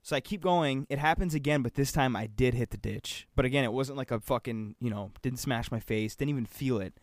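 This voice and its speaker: A young man tells a story in casual podcast chat, animated and full of swearing, and he acts out the voices of the people in it. His voice sits at an ordinary middle pitch. The sound is dry and close, with no room echo. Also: brisk. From Upper Peninsula of Michigan. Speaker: podcast co-host.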